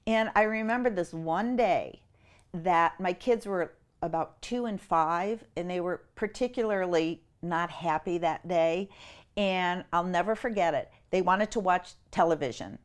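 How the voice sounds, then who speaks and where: Animated middle-aged woman telling a story. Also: lowish voice, unhurried. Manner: animated and emotional, acts out voices. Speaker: interview guest. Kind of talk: personal storytelling.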